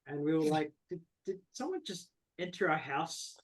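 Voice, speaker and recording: A man adds to a shared story in casual chat, relaxed and hesitant. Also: a little high, normal speed, poor audio.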